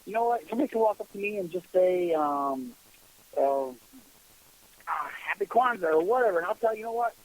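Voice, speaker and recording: A man's voice: high voice, expressive, fast, darkish tone, poor audio. A man guesting on a radio talk show, chatting in a friendly, easygoing way and repeating phrases as he talks. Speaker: guest author. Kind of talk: casual radio interview. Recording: radio broadcast sound.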